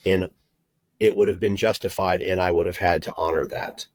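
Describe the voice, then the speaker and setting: A middle-aged man telling his personal story as a podcast guest, heartfelt and halting, with many fillers and restarts. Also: deep voice, steady tone, a little mellow, dry recording, low-quality recording. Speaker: guest, recruiter and agency owner.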